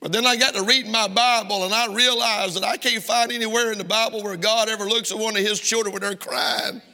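A man's voice: high voice, fairly even intonation, brisk, pushed and bright. A middle-aged man preaching a sermon to his congregation in a church, impassioned and full of rhetorical questions. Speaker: pastor. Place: church sanctuary. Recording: long reverb of a church hall.

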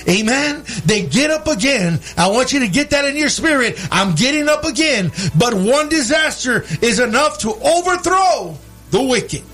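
Husky-voiced preacher switching English and Spanish. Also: extremely high pitch, big pitch swings, moderate pace, soft background music. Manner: preaching, switching between English and Spanish, calling out "hermano" and "amen"; rises to shouting and sing-song cadence. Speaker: pastor. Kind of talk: bilingual sermon.

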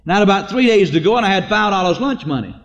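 A man's voice: expressive, racing, a bit bright, muffled recording. A man preaching a sermon in a church, telling humorous folksy stories and lifting his voice for emphasis. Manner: humorous storytelling, rises in pitch for emphasis. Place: church sanctuary. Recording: long reverb of a church hall.

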